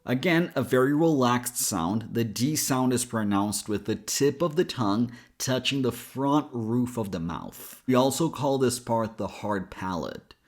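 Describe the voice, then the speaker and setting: Male pronunciation coach, mid-pitched, plain and direct, breaks words down slowly. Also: animated. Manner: direct, explains sounds slowly and models them. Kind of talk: pronunciation lesson.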